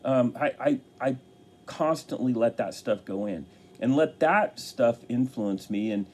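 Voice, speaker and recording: A man giving an earnest motivational talk to camera, halting and restarting his sentences often. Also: medium pitch, darkish tone. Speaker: motivational speaker.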